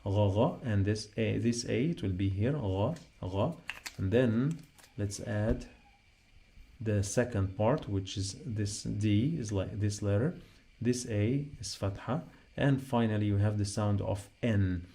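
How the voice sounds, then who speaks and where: Slow gravelly-voiced male teacher. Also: lowish voice, dark tone, slight background noise. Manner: repeats sounds patiently, spells them out while writing. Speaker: Arabic teacher. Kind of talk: slow spoken writing lesson.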